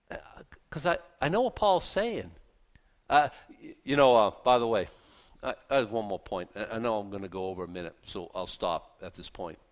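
A man preaching a sermon, zealous and animated, trying to keep his voice soft, with many restarts. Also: mid-range voice. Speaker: pastor.

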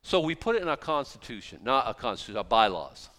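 A man's voice: medium pitch, big pitch swings, fast talker, fairly bright tone. A middle-aged man, a pastor preaching a sermon in a conversational way, asking rhetorical questions and acting out quoted voices.

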